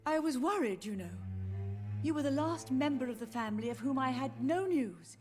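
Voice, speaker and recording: An actress playing an elderly, gently confused mother who grieves for her lost family in a video game. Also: high-pitched, animated, normal speed, faint music behind. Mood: sorrowful. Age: older. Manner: soft, sorrowful, wandering. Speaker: game character.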